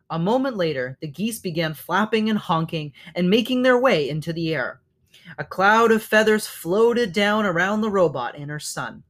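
A man's voice: high-pitched, animated, normal speed, fairly bright tone. A man reading a children's novel aloud as narrator, wry in his framing and correcting his own small slips. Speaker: audiobook reader. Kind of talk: storybook read-aloud narration.

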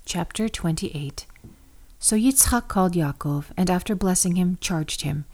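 Female scripture narrator, steady read, low mellow voice. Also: a little slow. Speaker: scripture reader.

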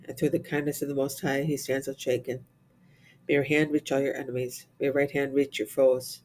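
A man's voice: mid-range voice, slight background noise. Man steadily reciting psalms and prayers. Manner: steady recitation with Latin responses, occasional slips and restarts. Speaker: reader of the Divine Office.

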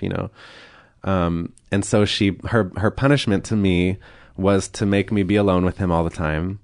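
This man's voice is deep and low-pitched, with a steady tone and normal speed. He's a podcast guest recounting a personal story frankly, quoting dialogue along the way and breaking it up with uneasy laughter. The recording is dry, without room echo.

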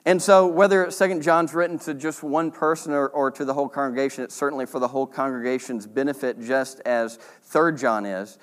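A man's voice: a little fast, hardly any pauses. A man preaching a sermon in an earnest way, repeating key points and pressing them harder as he goes. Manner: lively, rises in pitch and volume when pressing a point. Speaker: pastor.

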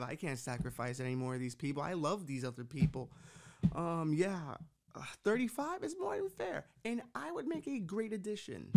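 A man's voice: on the high side, vocal fry, a little mellow. A young man with a New York accent, going on a rambling, profane comedic rant as a podcast host. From United States.

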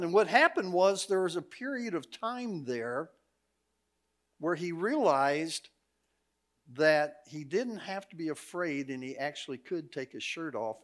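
A man's voice: fairly high pitch, lively intonation, slow, a bit bright. A middle-aged man, preaching as a guest speaker in a church, telling folksy stories with a joking, laughing manner. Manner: folksy, jokey storyteller, laughs often. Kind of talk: sermon with storytelling. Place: church sanctuary.

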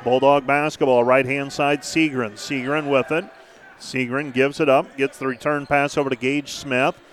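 A man calling live basketball play-by-play, brisk and name-by-name, with stat asides between plays. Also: mid-range voice, steady tone, a bit bright, slight background noise. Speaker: play-by-play announcer.

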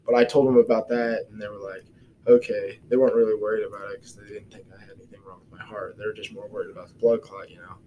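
A man's voice: on the low side, fairly even intonation, racing, few pauses, dull audio. A young man in his twenties hosting a casual podcast chat, telling loose, profane stories and acting out what people said. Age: 20s. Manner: loose storyteller, swears freely, acts out quotes. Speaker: podcast host.

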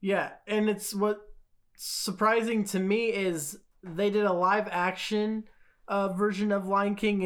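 A woman co-hosting a podcast, talking in a loose, chatty way. She rambles through her points, scattering fillers like "like" and "you know," with a mid-range voice. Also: medium pitch. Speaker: podcast co-host. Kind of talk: casual podcast chat.

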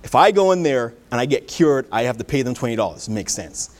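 A greedy, scheming lawyer, as a man acts him out in a joke told from the pulpit. He mutters his plans low and then jumps to a squeaky, indignant pitch when he is caught out. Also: sing-song, brisk, a little mellow, close to an everyday voice. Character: scheming male lawyer, greedy and easily outraged.

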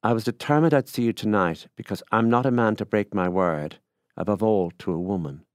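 A man's voice: on the low side, fairly quick, darkish tone, no echo, clean studio sound, natural voice. A man reading aloud, voicing a genial, persistent middle-aged male farmer who talks in a coaxing, folksy way and keeps saying ma'am.

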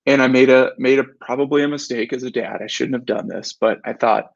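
A man in his thirties speaks in a relaxed, rambling way, sharing a devotional with the habit of starting over mid-sentence. His voice has a gravelly, creaky edge. The recording is dry and a little dull. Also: medium pitch, fairly quick, hardly any pauses, dry recording. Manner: rambling, restarts and self-corrections, reflective. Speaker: devotional speaker, business owner and father. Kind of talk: casual devotional talk to camera.

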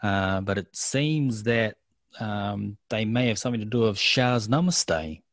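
Low-voiced New Zealand man, casual. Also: animated, measured pace, dry recording. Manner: recaps events step by step, with frequent ums. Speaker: co-host of a wrestling recap show. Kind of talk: casual chat.

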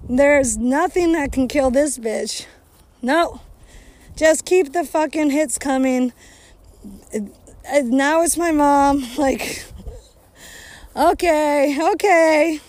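Walking her dog near a cow pasture, a woman hosts a casual outdoor podcast, venting bitterly with constant swearing, talking to herself and listeners, and stopping to scold the dog. Her voice sits high and a little mellow; she speaks slowly with many pauses, and there's no echo.

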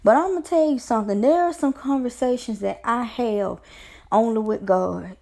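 A woman with a somewhat high voice and a gravelly fry speaks straight to her listeners. She encourages them earnestly, like a preacher, and repeats phrases for emphasis. She talks like a life coach giving a motivational talk. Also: normal speed, warm tone. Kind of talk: motivational faith talk to camera.

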